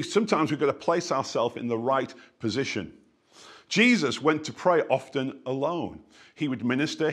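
Emphatic preaching man, higher voice. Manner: preaching with emphatic repeated "yeah" asides. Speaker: pastor. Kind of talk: sermon.

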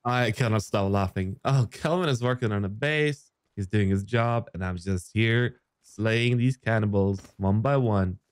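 A young man giving excitable let's play commentary on a survival game, swearing and shouting in surprise. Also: measured pace, hardly any pauses, dry recording, studio quality. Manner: excitable, swears, jumps high when surprised. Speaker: gaming YouTuber.

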